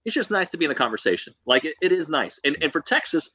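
A young adult man co-hosting a casual sports chat, joking and animated, teasing rival fans. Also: fairly high pitch, fast talker. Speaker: co-host.

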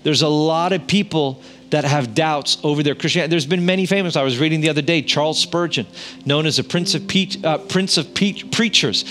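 A pastor in his thirties preaches a sermon like he's telling a story, doing impressions of family members and building intensity on key points. His voice is a little high, brisk and somewhat bright.

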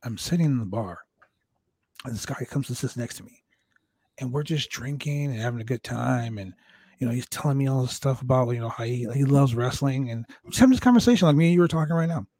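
A man's voice: mid-range voice, quick pace, darkish tone, dry recording. Profane, storytelling man in a dry room. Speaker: podcast host. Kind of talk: casual interview chat.

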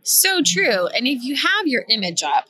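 A woman's voice: high-pitched, very animated, moderate pace, pushed and bright, husky, no room sound. A woman hosting a podcast interview, engaged and affirming as she sums up her guest's points. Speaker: podcast host.

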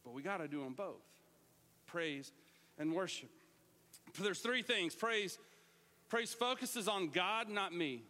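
Pastor guy preaching, high bright voice, joking with the crowd, big hall reverb. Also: measured pace, pauses often. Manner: lively, joking, talks straight to the congregation. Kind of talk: sermon. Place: church sanctuary. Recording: live church sermon with hall reverb.

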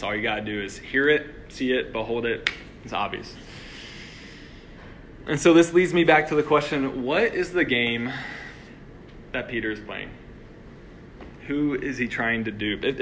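A man's voice: mid-range voice, expressive, normal speed, pauses often, a bit bright, a little hiss or hum. A young man giving a conversational sermon to a room of listeners, full of "like" and restarts. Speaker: preacher. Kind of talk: casual sermon. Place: room with a live audience.

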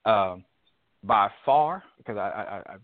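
A man's voice: lowish voice, slow pace, no room sound. Man chatting over a tinny phone line. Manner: relaxed, rambling storyteller. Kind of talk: casual chat about a movie.

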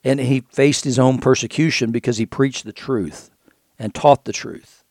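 A man gives a sermon in a relaxed, conversational way, stopping to repeat words as he works out each thought. His mid-pitched voice has a gravelly edge, and the recording is dry and close. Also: moderate pace, no echo. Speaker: preacher.

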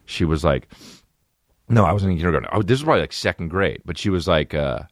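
A low-pitched young man rambles through profane stories with sudden animated bursts. He hosts a casual podcast, and his voice sits close and dry with no room sound. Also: fast talker, no echo. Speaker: podcast host. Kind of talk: casual comedic storytelling.

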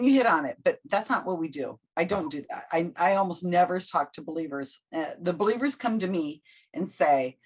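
A husky, breathy woman from the United States, in her middle years, telling a story as a podcast guest. She talks in a loose, chatty way. She keeps jumping into the voices of the people she quotes. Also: on the low side. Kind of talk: casual podcast interview.

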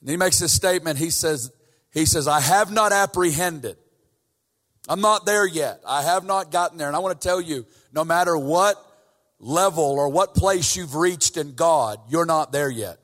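A man's voice: a little high, moderate pace, a bit bright. A man preaching a sermon in a church, talking casually at first and then building to fervent emphasis. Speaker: guest preacher. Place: church sanctuary. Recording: church hall reverb.

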